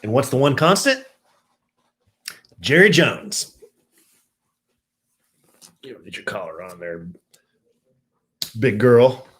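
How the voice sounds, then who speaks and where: Chatty man with a lively voice. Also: slow, long pauses. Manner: chatty, turns exasperated and high-pitched when ranting. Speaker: live stream host. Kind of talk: casual chat with viewers. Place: at home.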